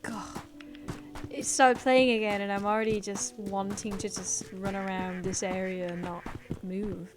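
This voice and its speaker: A woman's voice: mid-range voice, level tone, a little slow. A woman doing let's play commentary, chatty and giggly as she plays and reads the game text aloud. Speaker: gaming creator. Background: game music.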